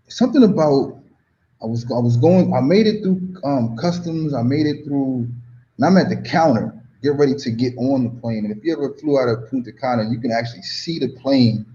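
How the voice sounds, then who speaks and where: A man from the United States, a guest telling a story in a casual, animated, slang-heavy way, often saying "you know what I mean.". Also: medium pitch, highs cut off.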